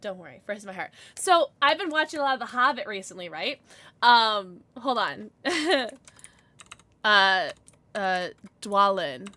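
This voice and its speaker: A woman's voice: mid-range voice, lively intonation, a little slow, pushed and bright, dry recording. Bubbly young woman streamer. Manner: chatty, bubbly, squeals when reading chat. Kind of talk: casual live-stream chat.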